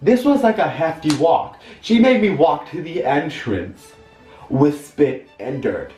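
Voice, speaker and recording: A man's voice: very animated, takes it slowly, dark tone. Campy young man telling a story in an echoey room. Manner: campy, dramatic, swings into high-pitched voices. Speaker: vlogger. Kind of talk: storytime vlog. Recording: echoey room, far from the mic, music underneath.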